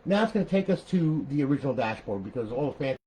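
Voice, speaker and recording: A rough recording catches an older man's mellow, mid-range voice moving quickly with big pitch swings. He's casually touring his modded console build in a rambling, chatty tutorial, tacking on "okay?" and "all right" and swearing now and then.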